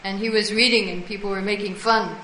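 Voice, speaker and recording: A woman's voice: medium pitch, fairly even intonation, a little fast, sharp tone, a little hiss or hum. Woman telling devotional stories, echoey room. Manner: retells stories with quoted dialogue, answers listeners. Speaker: teacher in a devotional class. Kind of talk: devotional class storytelling.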